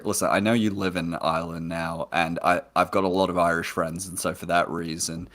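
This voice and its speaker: A man's voice: low voice, level tone, brisk, few pauses, a bit bright. An English man with a non-standard accent, hosting a casual live stream in a joking, self-mocking, rambling way. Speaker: host.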